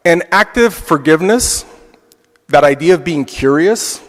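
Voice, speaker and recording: A man's voice: a little high, expressive, unhurried. A man teaching an adult church class, telling a personal story in a reflective way with casual fillers. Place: church hall. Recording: long reverb of a church hall.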